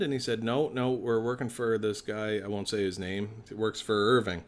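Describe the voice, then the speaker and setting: A man's voice: fairly low pitch, level tone, moderate pace, few pauses. Man telling a story, swearing freely. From Canada. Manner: swears a lot, acts out both sides of a phone call. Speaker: podcast co-host. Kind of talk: casual storytelling.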